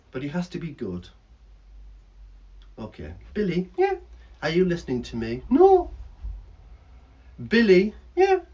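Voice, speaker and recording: A man's voice: mid-range voice, darkish tone. A man presenting a recycling show to schoolchildren, playful and teacherly, talking straight to the kids. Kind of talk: children's stage show patter. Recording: dull lo-fi recording.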